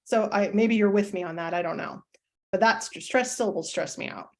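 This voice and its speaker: A woman teacher talks through a live online presentation at a middle pitch. Her delivery is loose and chatty, full of ums and restarts, and she jokes at her own expense. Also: fairly quick, vocal fry. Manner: chatty, self-deprecating, many fillers and restarts.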